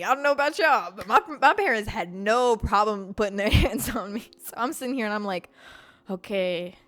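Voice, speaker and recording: A young adult woman hosting a podcast, telling a story in a casual, profane and animated way, acting out the voices of people in it. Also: medium pitch. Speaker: podcast host.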